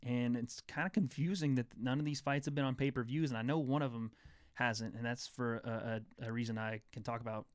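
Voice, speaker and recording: A man's voice: mid-range voice, fairly even intonation, fairly quick, no room sound, clean studio sound. Male host, young adult, mid-range voice, rambling eager fight chatter. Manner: rambling, enthusiastic fight talk. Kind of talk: casual sports chat.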